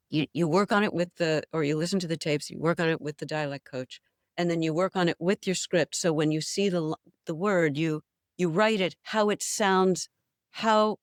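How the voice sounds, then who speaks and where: In a dry, clean studio recording, a low-pitched older actress is being interviewed casually as a guest. She recounts stories animatedly and laughs frequently. The setting is New England.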